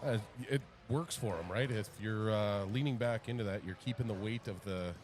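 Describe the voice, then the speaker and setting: A man from Canada giving relaxed color commentary at a strongman competition, explaining technique with dry jokes. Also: fairly low pitch, normal speed. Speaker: sports commentator. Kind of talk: live event commentary. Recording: loud music behind.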